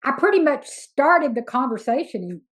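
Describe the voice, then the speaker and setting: Lady, middle-aged, high voice, chatty and emphatic, tells folksy stories. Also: very animated, normal speed, poor audio. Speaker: sanctuary founder, interview guest. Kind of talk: casual storytelling interview.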